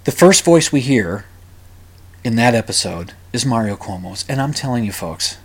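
A man's voice: medium pitch, lively intonation, normal speed, husky. Rambling, ranting male podcast host. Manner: rambling, ranting, frequent restarts and sighs. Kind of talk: solo podcast monologue.

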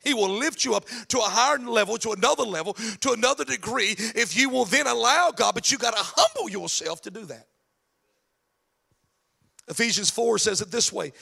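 A man preaching a lively sermon, swinging from shouted, chanted lines to soft asides. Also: extremely high pitch, normal speed, gravelly, slightly rough. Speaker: pastor. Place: church sanctuary.

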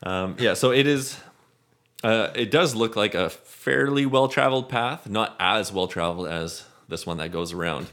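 A man running a tabletop game as game master, describing scenes in a relaxed way, often restarting his words. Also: on the low side, normal speed. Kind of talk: improvised tabletop narration.

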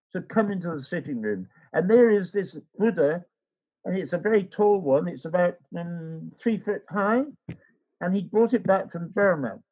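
A man's voice: high-pitched, breathy edge, muffled recording. An older man telling a rambling personal story in casual chat, acting out the voices of the people in it. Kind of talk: casual anecdote.

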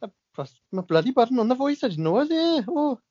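A man's voice: very high-pitched, very animated, quick pace, warm tone, dry recording, voice pushed up, full character voice. A man putting on a Welsh accent to impersonate a brash older Welsh male singer, jokey and swearing. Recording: dull lo-fi recording.

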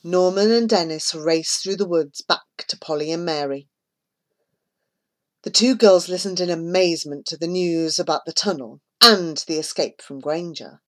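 A woman reading a children's story aloud in a measured, expressive way. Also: fairly low pitch. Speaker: narrator.

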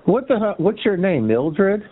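A man calling into a chat line, trading insults and taunts in a heated argument. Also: slightly rough. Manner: taunting, mocking, swinging into a shrill sneer. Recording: tinny phone line.

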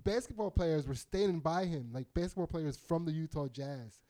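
A man's voice: fairly high pitch, expressive, moderate pace, warm tone. A man in casual chat as a podcast co-host, rambling with many fillers and laughing often.

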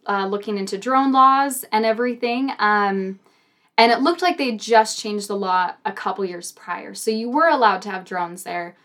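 A young woman recounts a story in a relaxed conversation, animated and often laughing between phrases. Her voice sits in a middle pitch, neither high nor low. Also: moderate pace. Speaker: guest telling a story. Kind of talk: casual storytelling on a podcast.

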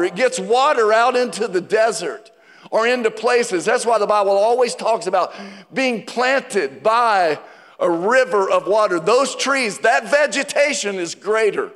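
A man preaches to his congregation, pitched high and growing animated as he asks them questions. His voice carries a long reverb from the church sanctuary around him. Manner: animated preaching, rising to near-shouting on quotes. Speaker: pastor. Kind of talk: sermon. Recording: reverberant hall.

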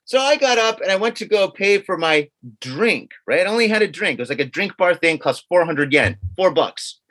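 Guy on a podcast telling a story, kinda high voice, acts out all the voices. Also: moderate pace. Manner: animated, acts out quotes of others with swearing. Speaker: podcast co-host. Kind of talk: casual storytelling.

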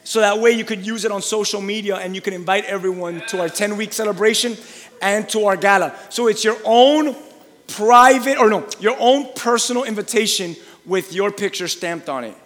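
A man who is a pastor giving church announcements, stumbling over restarts and working up to loud, excited calls to the congregation. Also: high voice, moderate pace. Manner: repetitive stammering restarts, then shouting and laughing. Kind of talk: church announcements building to a shouted sermon-style hype. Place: large church hall. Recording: long hall reverb.

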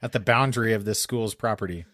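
A man's voice: lowish voice, fast, fairly bright tone, no echo, clean studio sound. A man co-hosting a casual chat, joking and laughing along with the story. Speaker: podcast co-host.

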